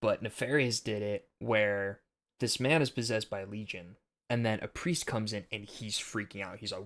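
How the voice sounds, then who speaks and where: Young male commentary host: gravelly, lowish voice, earnest and preachy, rambles. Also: steady tone, normal speed, fairly bright tone. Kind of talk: casual commentary monologue.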